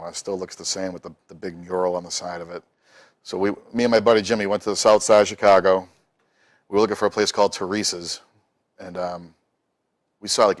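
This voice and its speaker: A middle-aged man tells stories in a relaxed, chatty way. His voice sits a little low, and he slips into the voices of the people he talks about. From Boston. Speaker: musician guest. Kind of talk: casual storytelling.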